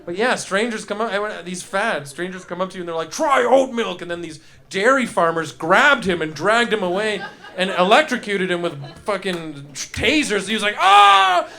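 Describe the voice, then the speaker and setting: Young guy doing rambly goofy standup, kinda high voice, handheld mic in a club. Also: normal speed, sharp tone. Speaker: stand-up comedian. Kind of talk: loose stand-up riffing with the audience. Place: comedy club stage.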